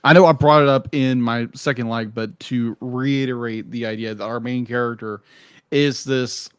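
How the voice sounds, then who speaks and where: A man's voice: mid-range voice, steady tone, moderate pace, clean tone, no echo, clean studio sound. A man co-hosting a live stream, chatting casually and agreeably about a film, now and then slipping into goofy voices. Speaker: podcast co-host. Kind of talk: casual film review chat.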